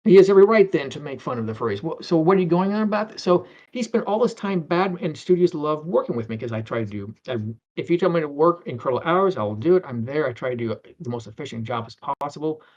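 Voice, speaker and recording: Middle-aged man, slightly high voice, storytelling guest who rambles and mimics others, muffled lo-fi recording. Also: lively intonation, fast, hardly any pauses, a little mellow. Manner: rambling, many restarts, acts out quoted voices. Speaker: interview guest, animator. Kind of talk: anecdotal storytelling. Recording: dull lo-fi sound.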